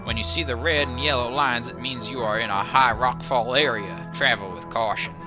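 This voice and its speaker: A male streamer reads the game's text aloud in a casual, offhand voice, breaking in with dry asides. His mic sounds a little dull and muffled, and music plays clearly under his talk. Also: mid-range voice, fairly even intonation, moderate pace. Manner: reads game text with wry asides and chuckles. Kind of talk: casual game commentary, reading on-screen text aloud.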